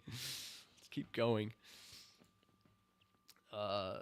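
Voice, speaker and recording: A man's voice: medium pitch, a little slow, long pauses, bright, forceful tone. A man reviewing a TV show in a ranting commentary, exasperated, sighing and laughing in disbelief.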